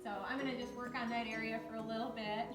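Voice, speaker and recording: Chatty, excited woman with a high voice. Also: fast talker, loud music behind the voice. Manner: excited and chatty, many fillers. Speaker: horse owner vlogger. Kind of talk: casual vlog chat. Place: horse barn or yard, grooming a mare. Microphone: handheld camera.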